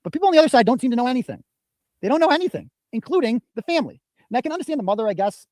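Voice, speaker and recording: A man's voice: very high voice, sing-song, rapid-fire, darkish tone, dry recording. A man hosting a commentary show, talking in an indignant way. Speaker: host. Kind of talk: commentary reading messages.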